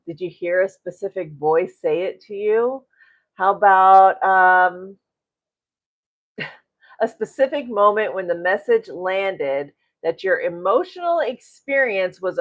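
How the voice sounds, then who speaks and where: A woman's voice: on the low side, expressive, slow pace, narrow, tinny audio. A middle-aged woman coaching a live-streamed self-development class, greeting viewers and often tagging her points with "right?" and a chuckle.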